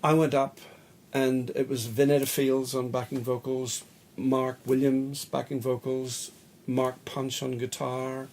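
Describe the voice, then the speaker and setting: Middle-aged Australian male, gravelly, chatty anecdotal storyteller, mid pitch. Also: darkish tone, slight background noise. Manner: rambling anecdotal storyteller, laughs often, acts out quotes. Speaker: guest musician, bass player. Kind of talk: casual storytelling interview.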